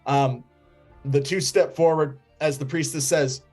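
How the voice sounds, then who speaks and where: A game master narrating a tabletop game, describing scenes with many pauses and fillers. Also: mid-range voice, steady tone, a little mellow, soft background music.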